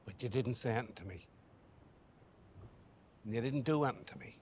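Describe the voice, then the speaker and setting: A bewildered rural Irishman, played by an actor, presses his friend for an explanation. His voice sits at an ordinary middle pitch, with a faint rumble underneath. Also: brisk, darkish tone, close to an everyday voice. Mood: hurt. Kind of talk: film dialogue.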